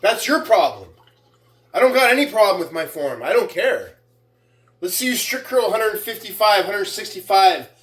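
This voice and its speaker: A man's voice: high-pitched, very animated, normal speed, fairly bright tone, reverberant. A man in a casual vlog rant, boastful and taunting, who keeps tagging his sentences with "right?" and "man". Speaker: weightlifting vlogger.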